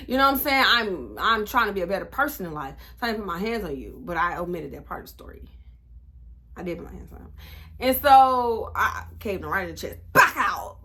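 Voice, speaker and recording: A woman in her twenties telling a storytime vlog in a blunt, animated, profane way. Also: medium pitch. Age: 20s. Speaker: vlogger.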